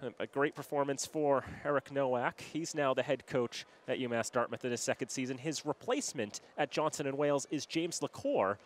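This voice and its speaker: A man's voice: mid-range voice, fairly quick, hardly any pauses, slight background noise. A young man from New calling a college hockey game on local access TV, rattling off stats in a conversational style. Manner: stat-heavy, conversational, shouts on goals. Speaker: play-by-play commentator. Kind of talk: sports broadcast commentary.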